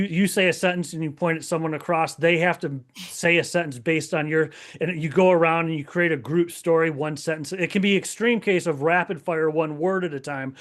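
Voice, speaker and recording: A lively man talks as a guest on a podcast, emphatic and animated. He sometimes restarts his sentences mid-thought, and his voice sits a little high. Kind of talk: casual interview talk.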